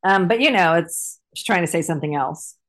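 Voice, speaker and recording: Lower-voiced woman, playful and enthusiastic. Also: expressive, brisk, fairly bright tone. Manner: enthusiastic, acts out quotes with playful pitch jumps. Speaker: podcast co-host. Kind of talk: casual chat about a TV series.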